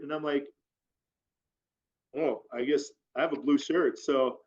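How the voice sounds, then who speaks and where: A man's voice: fairly high pitch, moderate pace, pauses often. A man telling a long personal story as an interview guest, rambling and full of fillers. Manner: rambling, filler-heavy, animated retelling. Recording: dull lo-fi audio.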